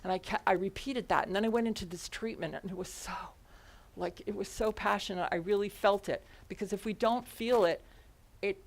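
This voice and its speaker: Woman minister telling a lively story. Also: mid-range voice, a little fast. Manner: animated storytelling with frequent laughs. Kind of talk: sermon. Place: church service before a congregation. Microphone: headset mic.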